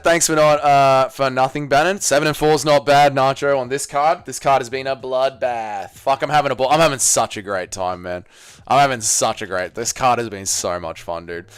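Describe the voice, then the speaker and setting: A young Australian man hosting a casual livestream watch-along, excitable and swearing freely as he reads chat aloud. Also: mid-range voice, clean tone, no echo. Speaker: livestream host.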